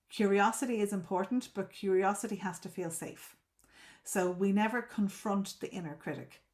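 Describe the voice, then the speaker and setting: Speaking at medium pitch, a woman gives long explanations while coaching a group on a live video call. She keeps repeating and restarting words, pausing to ask if listeners are keeping up.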